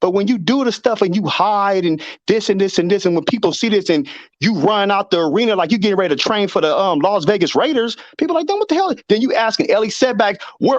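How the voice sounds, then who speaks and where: A man with a high voice argues his side in a casual boxing debate. He acts out what fighters said and often repeats himself as he builds his case. The audio sounds dull and muffled, with a dry, close sound. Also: animated, fast talker, no room sound. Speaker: boxing show co-host.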